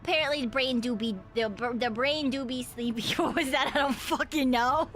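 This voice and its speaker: A woman's voice: high-pitched, a little fast, a bit bright. A woman VTuber streaming a game, chattering to herself in a giggly, rambling way and swearing freely. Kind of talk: casual gaming livestream chatter.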